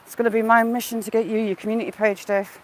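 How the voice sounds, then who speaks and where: A chatty woman with a slightly high voice, talking into a handheld phone as she walks outdoors by a wooded river. She greets her viewers by name in easy, casual chat. A faint hiss of outdoor noise sits under her voice. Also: level tone, quick pace, low-quality recording. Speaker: vlogger. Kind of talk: casual live-stream walk chat.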